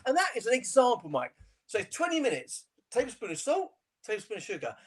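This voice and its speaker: A middle-aged man, a TV chef guest, chatting casually in an interview and telling animated stories with frequent laughter. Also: sits high, a little fast, husky. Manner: animated storyteller, laughs often.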